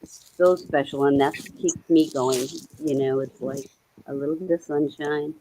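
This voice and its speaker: A woman on a video call, chatting casually and telling rambling, animated stories. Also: extremely low pitch, a little slow, slight background noise, rough recording. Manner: rambling, animated storytelling with laughs. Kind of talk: casual chat.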